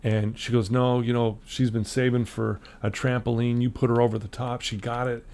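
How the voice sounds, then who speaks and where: Here a middle-aged podcast guest from Utah tells a personal story in a relaxed interview. His voice sits in the mid range and moves at normal speed, and he brings the tale to life by acting out the voices of those involved.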